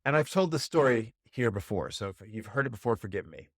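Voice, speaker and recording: A man hosting a solo podcast as a relationship coach, telling a story and jumping high in pitch to act out inner voices. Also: expressive, fairly quick, no room sound, studio quality.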